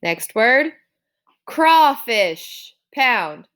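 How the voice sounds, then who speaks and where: A woman's voice: a little high, big pitch swings, drawn-out words, a bit bright. A woman teacher giving a classroom spelling dictation, sounding out words syllable by syllable.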